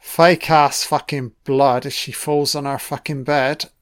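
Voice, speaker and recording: A man's voice: mid-range voice, steady tone, unhurried, clean tone. A man giving casual audio commentary on a film, with profane, sardonic running reactions.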